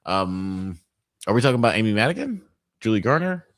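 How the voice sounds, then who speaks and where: A man's voice: on the low side, very animated, fairly quick, dry recording. A man hosting a podcast live watch party, chatting casually and profanely, groaning and laughing at gory scenes. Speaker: podcast host.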